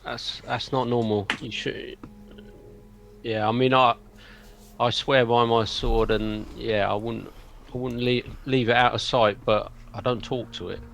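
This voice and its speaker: A man playing a tabletop game, talking in a halting, hesitant way. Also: mid-range voice, steady tone, creaky, a bit bright, a little hiss or hum. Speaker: player. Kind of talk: casual tabletop game play.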